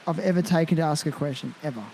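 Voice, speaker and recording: A man's voice: fairly high pitch, quick pace, vocal fry, dark tone. A man hosting a podcast, talking loosely and rambling, with lots of fillers and the odd swear word. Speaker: podcast host. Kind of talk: casual conversation.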